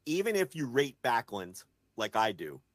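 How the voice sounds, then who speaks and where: Man, podcast co-host, casual chat, excitable, swears, argues point by point, dry studio sound. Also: mid-range voice, normal speed, dry recording. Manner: excitable, swears freely, builds an argument point by point.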